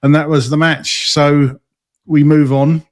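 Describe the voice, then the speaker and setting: A man's voice: a little high, little pitch movement, unhurried. A man hosting a casual football podcast, recapping the match with frequent ums and stumbles. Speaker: podcast host.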